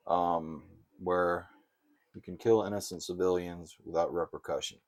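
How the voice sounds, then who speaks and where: Jokey low-voiced man playing retro games. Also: steady tone, unhurried. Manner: jokey, sarcastic, loud outbursts at the game. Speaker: gamer. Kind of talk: casual gameplay commentary.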